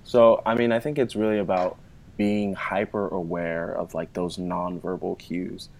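Guy with a lowish voice, guest on a chat show, talks a lot, lots of "you know". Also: little pitch movement, unhurried, darkish tone, a little hiss or hum. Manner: chatty, explains at length with many "you know" fillers. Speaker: interview guest. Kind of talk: casual conversational interview.

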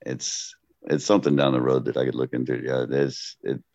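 A man with a Texan accent, a comedian guest telling stories at a slow, steady, laid-back pace. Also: no room sound, dull audio. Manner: slow-paced, deep, laid-back drawl.

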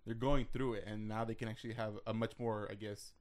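A man talks quickly as he talks about a film and asks the others questions. His pitch sits in the middle range. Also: little pitch movement. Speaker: podcast co-host. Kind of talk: casual film discussion.

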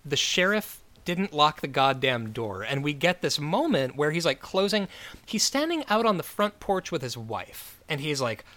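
As a podcast co-host, a man with a slightly high voice recaps a TV episode at normal speed. He's animated and casual, swearing, using lots of fillers and acting out the characters he quotes.

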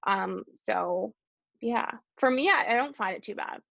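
A young woman from Canada talks casually as a podcast guest, filling her sentences with "like." Her voice has a gravelly edge. The recording is dry and somewhat dull and lo-fi. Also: mid-range voice, expressive, unhurried, fairly bright tone, dry recording. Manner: chatty, lots of "like" fillers. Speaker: guest, YouTuber. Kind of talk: casual interview chat.

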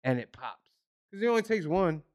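A man's voice: high-pitched, sing-song, moderate pace, a crowd in the background. A man from Newburgh, New York, a guest musician earnestly telling stories in a casual podcast chat, with many "like" fillers.

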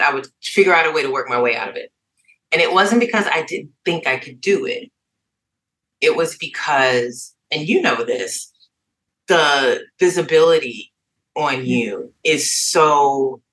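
A woman appearing as a podcast guest, an advertising executive, speaks candidly in a low voice at a measured pace, and the audio is poor. She is frank, open, and emotional, laughing, turning tearful at times, and growing animated when she quotes others.

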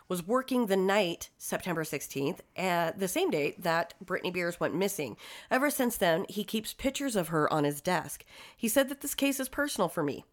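A woman co-hosting a true-crime podcast, reading case details and then riffing with blunt, swearing asides. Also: medium pitch. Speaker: podcast co-host.

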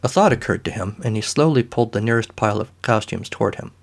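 A man narrating a comic story in a dry, deadpan manner. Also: on the low side, quick pace, gravelly.

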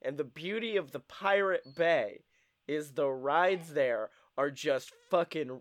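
A man's voice: a little high, takes it slowly. A man hosting a casual podcast chat, joking and riffing with profanity. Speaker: podcast host.

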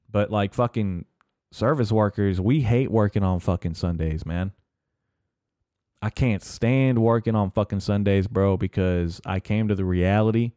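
Low, clear-voiced man ranting profanely. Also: warm tone, dry recording, studio quality. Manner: profane, rambling, heavy swearing; filler-heavy, restarts often. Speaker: podcast host. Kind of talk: casual solo podcast rant.

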